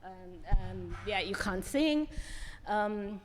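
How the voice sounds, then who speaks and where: A woman's voice: medium pitch, animated, very slow, slight background noise. Hesitant woman giving notices in a reverberant hall. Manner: hesitant, many fillers and restarts. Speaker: event organiser giving notices. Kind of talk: venue announcements. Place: hall venue.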